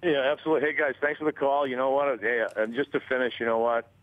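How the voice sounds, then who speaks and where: Fast-talking man on the phone. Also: mid-range voice, flat delivery, no echo, narrow, tinny audio. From Boston. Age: middle-aged. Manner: rambling anecdotes with many fillers. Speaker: guest on the phone. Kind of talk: casual storytelling chat.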